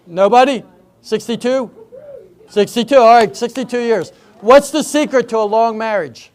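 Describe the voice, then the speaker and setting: An older man doing stand-up comedy with a strikingly high-pitched voice. He tells rambling personal stories and stops to quiz the crowd. The routine is for a live audience at a senior center. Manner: chatty storytelling, banters with the audience.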